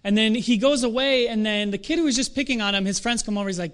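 A young adult man preaching a sermon in a conversational, animated way, with self-deprecating asides. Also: high-pitched, fast, few pauses, smooth. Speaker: pastor.

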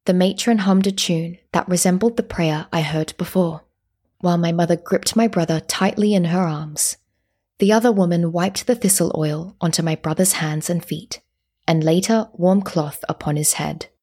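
Breathy woman narrating a story. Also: lowish voice. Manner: calm, measured storytelling. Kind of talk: first-person story narration.

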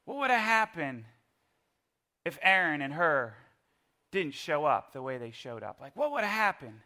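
A middle-aged pastor preaches a sermon through playful, animated storytelling. His voice sits high for a man, and it has a bright, forceful edge. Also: normal speed.

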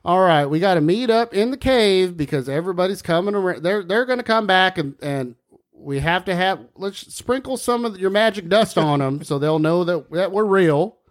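A man's voice: high voice, steady tone, moderate pace, few pauses, clean tone, voice pushed up, natural voice. A man voicing a goofy, chatty giant bat making small talk with its flock. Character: chatty folksy male giant bats gossiping.

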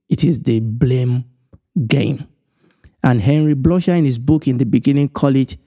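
Guy preaching a bible lesson, soft mellow tone, keeps repeating lines for emphasis. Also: medium pitch. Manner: repetitive, emphatic phrasing with chuckles. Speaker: Bible teacher. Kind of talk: Bible teaching broadcast.

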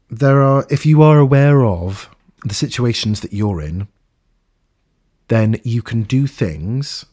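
A man with a lowish, warm, husky voice hosts a podcast in a relaxed, reflective style. He comes across as candid and earnest, and he swears every so often.

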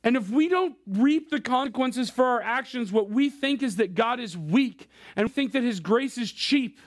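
High-voiced casual youth preacher man. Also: lively intonation, normal speed. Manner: casual, conversational preaching to a young crowd. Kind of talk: sermon.

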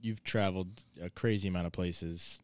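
Man, podcast host, low voice, dry close sound, laid-back, swears casually. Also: fairly even intonation, normal speed, clear, resonant tone, no echo. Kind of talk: casual interview chat.

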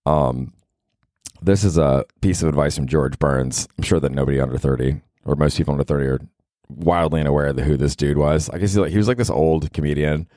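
Very deep-voiced, rambling comedian host. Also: male voice, fairly quick, warm tone, dry recording, clean studio sound. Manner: rambling, slangy, laid-back, lots of "like" and "dude". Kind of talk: casual comedic monologue.

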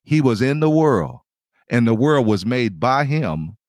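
A man preaches in an earnest, measured way, sharing his own story and reading scripture aloud. His voice sits at an ordinary middle pitch. The recording is dry and close, with no room sound. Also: sing-song, darkish tone, no echo. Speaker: podcast host and preacher. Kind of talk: scripted sermon with personal testimony.

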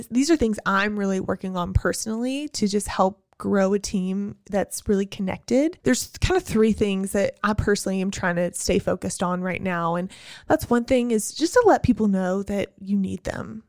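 A woman's voice: mid-range voice, moderate pace, a little mellow, no room sound, clean studio sound. A young adult woman and business owner, talking earnestly and encouragingly in a casual motivational monologue, with frequent fillers and restarts. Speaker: business owner and team leader.

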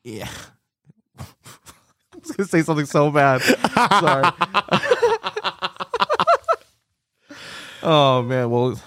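Animated young man, laughing casual chat. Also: a little high, unhurried, long pauses, no room sound, studio quality. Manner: animated, laughs often, says dude and like a lot.

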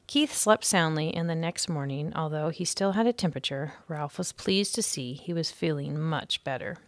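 A woman teacher reads a children's chapter book aloud for young listeners, giving each character a voice. Her voice is lowish with a gravelly edge, recorded dry and close. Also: moderate pace, dry recording. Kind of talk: storybook read-aloud.

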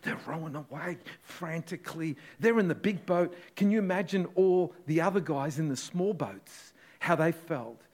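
A man preaching a sermon as a pastor, telling the story dramatically and swinging from loud to hushed. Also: fairly high pitch, normal speed, few pauses.

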